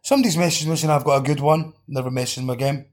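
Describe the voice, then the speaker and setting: Talking very fast in a slightly high voice, the Scottish podcast host riffs on listeners' comments. The chat is casual and comedic, laced with swearing and jokes.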